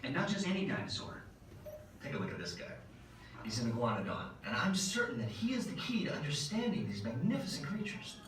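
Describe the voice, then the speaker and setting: A man's voice: big pitch swings, a bit bright. An actor playing a reckless male scientist briefing riders in a breezy, overconfident way. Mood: eager. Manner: fast, breezy, overconfident pitch. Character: reckless, eager male time-travel scientist. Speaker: ride pre-show scientist. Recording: very echoey space from far off, ride noise.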